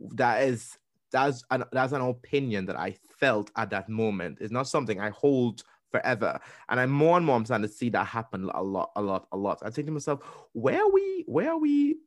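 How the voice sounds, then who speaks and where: A young man co-hosting a podcast, chatting in a lively way, acting out what people said and restarting his sentences. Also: mid-range voice, dry recording, studio quality. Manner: animated storytelling, acting out quotes with restarts. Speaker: podcast co-host. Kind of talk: casual interview chat.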